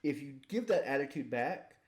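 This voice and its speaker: A man co-hosting a casual comedy chat, joking and acting out voices with deadpan punchlines. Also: mid-range voice, moderate pace. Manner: jokey, acts out silly voices, deadpan punchlines. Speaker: podcast co-host.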